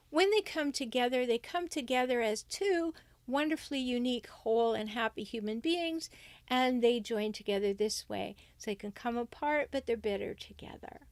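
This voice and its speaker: A middle-aged woman hosts a relationship-advice livestream, reading viewer comments aloud with emphasis. Her voice sits a little high, and the recording is dry.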